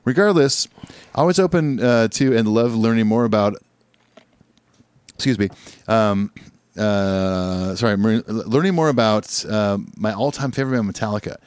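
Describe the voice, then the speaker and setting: A man co-hosting a podcast in casual chat, reading a listener email aloud, stumbling and filling pauses as he goes. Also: on the low side, a little mellow, clear, resonant tone, no room sound. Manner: chatty, stumbling over words, frequent fillers. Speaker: podcast co-host.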